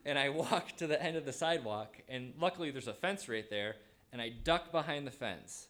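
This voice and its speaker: A man telling a personal story in a casual, animated way, acting out his own thoughts as he goes. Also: medium pitch, a little fast.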